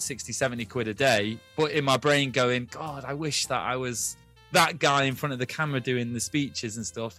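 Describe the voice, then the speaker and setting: Bright-voiced man telling stories on a podcast. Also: mid-range voice. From family from Liverpool. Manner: animated storyteller, slips into accents, laughs often. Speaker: podcast guest. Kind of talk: casual podcast chat.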